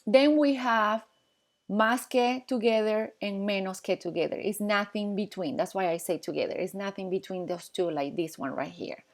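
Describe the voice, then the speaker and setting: A woman teaching a Spanish grammar lesson in English. She explains patiently, pauses while she writes on the board and keeps checking in with her students. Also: medium pitch. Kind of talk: classroom lesson at a whiteboard.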